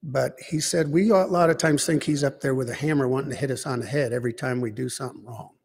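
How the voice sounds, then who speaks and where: Gravelly man giving rambling faith testimony. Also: mid-range voice, darkish tone, big-room sound. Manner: halting, restarts and trailing asides. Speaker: lay speaker giving personal witness.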